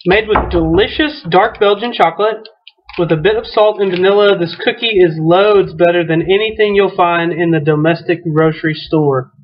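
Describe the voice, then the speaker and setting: A man, a softball coach, hosting a relaxed interview and joking around while eating. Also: high-pitched, normal speed. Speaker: softball coach, show host. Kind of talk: casual interview chat. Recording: muffled lo-fi recording.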